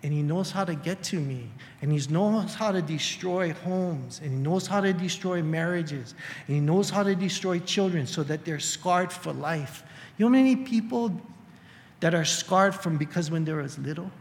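An older male pastor preaching an animated sermon, jumping into high strained voices to act out quoted people. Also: moderate pace, big-room sound.

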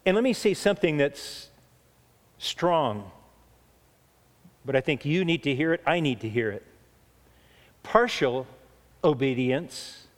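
A man preaching a sermon, earnest and emphatic, slowing down to stress key points, in a church hall. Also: fairly high pitch. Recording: echoey hall reverb.

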